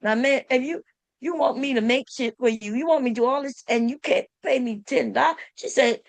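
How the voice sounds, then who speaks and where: An animated woman with a fairly high voice tells a story straight to her camera, emphatic and exasperated, firing off rhetorical questions at her viewers. The sound is dry and close, with no room echo. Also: a little fast. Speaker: sewing channel host.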